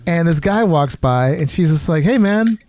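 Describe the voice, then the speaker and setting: A man hosting a comedy podcast, talking in a loose, profane, animated way. His voice sits a little high for a man. A faint hiss of noise runs under the recording. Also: normal speed. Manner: profane, animated, acts out quotes. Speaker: podcast host. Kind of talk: casual comedic chat. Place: New York.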